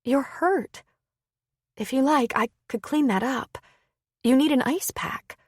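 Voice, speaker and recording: A woman voicing an earnest, anxious young woman in an audiobook, in a soft pleading tone. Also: high voice, slow pace, slightly rough, no room sound, studio quality, pitched above the performer's own voice, exaggerated voice.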